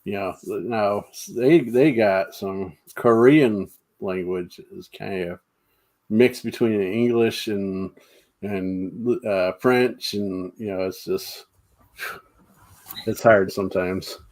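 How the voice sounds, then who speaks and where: A man hosting a casual chat, talking in a halting way with many fillers. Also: on the low side, a little mellow. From New York State. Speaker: host.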